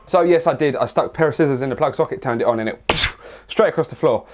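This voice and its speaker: English man, young adult, casual vlog Q&A, crude humor, rambling, medium pitch. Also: quick pace. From England. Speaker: fitness vlogger.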